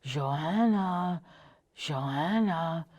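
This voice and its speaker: A woman voicing an older German woman neighbor with a gravelly voice and a German accent, gruff and moody. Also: deep voice, expressive, very slow, darkish tone, highs cut off, full character voice. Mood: soft.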